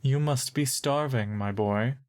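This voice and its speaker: A woman's voice: rumbling low, measured pace, darkish tone. A woman voicing a cruel man who speaks in a falsely sweet, cooing way.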